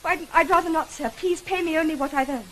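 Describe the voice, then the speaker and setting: An earnest young governess. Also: female voice, high-pitched, quick pace, a bit bright, a little hiss or hum, poor audio. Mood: tender. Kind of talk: 1950s television drama acting.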